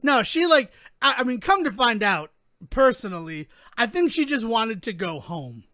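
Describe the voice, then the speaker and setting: High-voiced chatty man. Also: very animated, moderate pace, sharp tone, no echo. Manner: chatty, full of "like" fillers. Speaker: podcast co-host. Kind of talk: casual chat.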